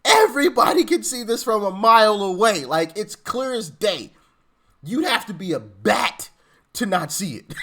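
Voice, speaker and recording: A man with a fairly high voice whose pitch swings widely as he riffs on clips. His talk is rambling and casual, full of stammered repeats and laughter. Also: big pitch swings, normal speed, bright, forceful tone. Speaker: channel host reacting to clips. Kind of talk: casual reaction commentary.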